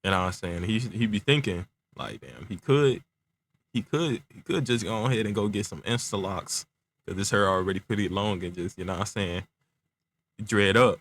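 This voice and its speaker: Young male storyteller, low-pitched, relaxed and rambling, slightly stumbling speech from aligners. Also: moderate pace. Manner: laid-back slang, constant filler phrases, stuttering. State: talking around clear aligners. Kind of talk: casual improvised storytelling.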